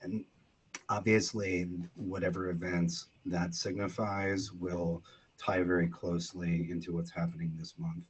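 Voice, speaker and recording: A man who is an astrologer, chatting casually on a podcast with a dry, deadpan delivery. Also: sits low, unhurried, a little hiss or hum, low-quality recording. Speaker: astrologer co-host. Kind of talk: casual chat.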